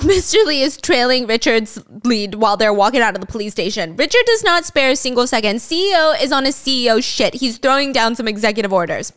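A woman's voice: fairly high pitch, animated, fairly quick, few pauses, fairly bright tone. A woman casually recapping a drama story, chatty and sarcastic, with swearing and laughing asides.

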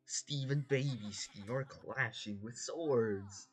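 A YouTube host reacting to animations in an excitable way, gasping often and repeating words when alarmed. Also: mid-range voice, takes it slowly, husky.

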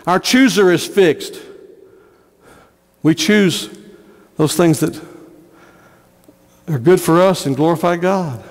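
A man's voice: a little high, slow, long pauses, in a large hall. A man preaching a sermon as pastor, earnest, repeating phrases for emphasis. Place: church sanctuary.

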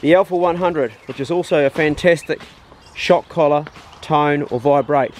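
A talkative man with a fairly high voice explains his dog training while he works outdoors on rural land. He switches to bright, high-pitched praise and calls whenever he speaks to the dog. Faint outdoor noise sits behind him. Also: moderate pace, rough recording. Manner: chatty, explaining as he goes. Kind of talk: casual outdoor training demo.

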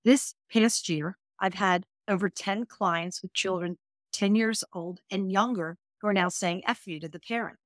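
A woman's voice: mid-range voice, a little slow, no echo, clean studio sound. A woman speaking as a divorce coach guest on a podcast interview, earnest and emphatic, stacking her points in lists.

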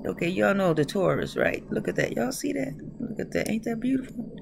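A woman's voice: mid-range voice, big pitch swings, a little fast, vocal fry, background noise. A woman reading tarot on her own channel, chatting loosely and talking straight to her viewers with frequent laughs. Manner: laughs often. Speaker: tarot reader. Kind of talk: casual tarot reading vlog.

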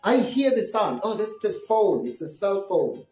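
Teacher slowly acting out classroom dialogues. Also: mid-range voice, big pitch swings, mellow, soft background music. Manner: slow, repetitive explaining, acting out questions and answers; encouraging. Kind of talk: classroom lesson for young learners. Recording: roomy echo.

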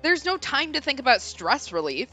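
A player chatting casually during a game playthrough, rambling with lots of fillers and frequent laughs. The voice is bright and lively in pitch. Faint music plays underneath. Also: moderate pace.

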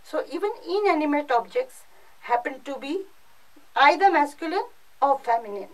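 A woman's voice: high voice, expressive, moderate pace, distant mic, poor audio. A female French teacher with an Indian English accent, giving a recorded class lesson and explaining patiently with lots of repetition.

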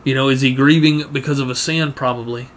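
An earnest male preacher delivering a sermon at a middle pitch. He repeats words as he goes and climbs higher when he presses a point. A faint hiss sits under the voice. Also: steady tone, brisk.

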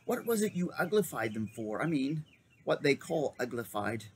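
A man's voice: medium pitch, very animated, normal speed, darkish tone, slight background noise. A man voicing a curious, polite young girl with light, earnest questions in a storybook reading. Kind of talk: storybook read-aloud.

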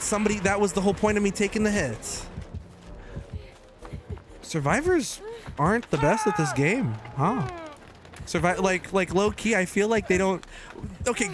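A man giving joking, excitable commentary while streaming gameplay, often breaking into high shouts. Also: noisy background. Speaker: gaming streamer.

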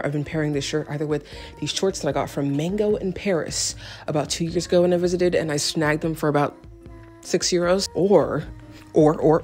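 Rambling jokey young woman vlogger. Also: deep voice. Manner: rambling, self-deprecating, jokey asides. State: out of breath. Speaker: fashion vlogger. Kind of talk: casual chatty vlog.

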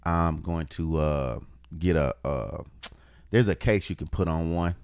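A man's voice: a bass voice, unhurried, a little mellow, smooth, no room sound, studio quality. A man co-hosting a podcast, chatting casually and teasing his co-host with a laid-back manner. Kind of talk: casual chat.

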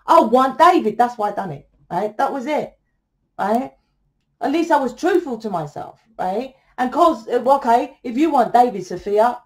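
A woman's voice: fairly high pitch, mellow. A woman giving a casual tarot reading to camera. She talks bluntly, swears freely and keeps tagging her points with "right?". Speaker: tarot reader.

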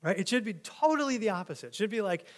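A male pastor gives a loose, conversational sermon into a microphone in a church. His voice sits high for a man. He jokes a lot and keeps checking in with his listeners. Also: animated, fast talker. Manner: chatty, joking, keeps asking "right?". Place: church sanctuary.

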